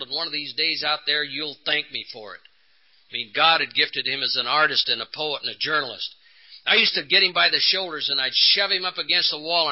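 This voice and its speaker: Older man, earnest testimony. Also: fairly high pitch. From Texas, USA. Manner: earnest, emotional, acts out the dialogue. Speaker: conference speaker. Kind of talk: recovery testimony storytelling. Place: conference hall. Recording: dull lo-fi 1980s conference tape.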